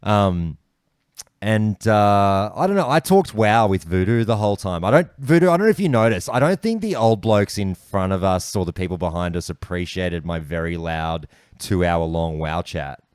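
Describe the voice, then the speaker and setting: An Australian man hosting a podcast, telling stories in animated casual chat with plenty of swearing. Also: deep voice, moderate pace, clear, resonant tone, no room sound, studio quality. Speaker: podcast host.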